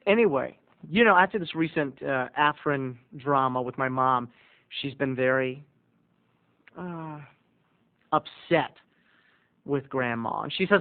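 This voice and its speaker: A man's voice: a little high, expressive, a little slow, narrow, tinny audio. A man telling a comic family story in a theatrical, dramatic vlog style. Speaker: video blogger.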